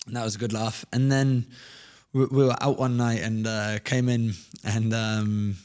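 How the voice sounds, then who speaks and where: A man's voice: lowish voice, flat delivery, unhurried, a little mellow, smooth. Easygoing man telling stories. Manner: easygoing, rambling, many restarts. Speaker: guest, fitness coach. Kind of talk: casual storytelling.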